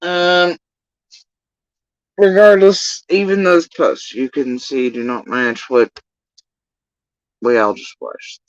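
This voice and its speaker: A man's voice: fairly high pitch, level tone, takes it slowly, long pauses, clear, resonant tone, no echo, lo-fi sound. A man ranting on a livestream in an exasperated, profane, rambling way. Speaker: livestream commentator.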